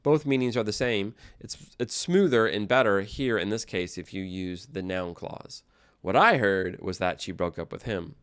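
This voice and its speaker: A man with a smooth, clear voice pitched a little low, walking learners through English grammar. He talks in a relaxed, explanatory way, with the odd filler and restart. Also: normal speed. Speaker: English teacher.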